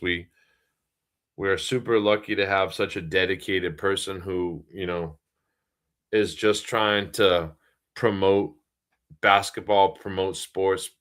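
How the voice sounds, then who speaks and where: A man with a low, deep voice chats casually on a livestream. He rambles along easily, with plenty of ums and you-knows. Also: a bit bright, smooth. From Boston area, US. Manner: easygoing, rambling, many fillers. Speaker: livestream co-host.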